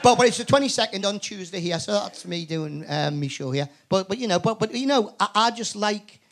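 A man with a Geordie accent, a comedian guest telling stories on a live podcast, animated and swearing, stumbling over restarts. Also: sits high, fairly quick. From north-east England. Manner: animated storyteller, frequent stammered restarts, swears. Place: comedy club stage.

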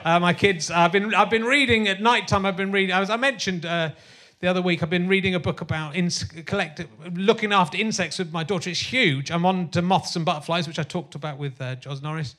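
A man's voice: high-pitched, brisk, pushed and bright. A middle-aged man hosting a comedy podcast live on a theatre stage, rambling and sardonic with crude asides and lots of fillers. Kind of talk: live stand-up style podcast chat.

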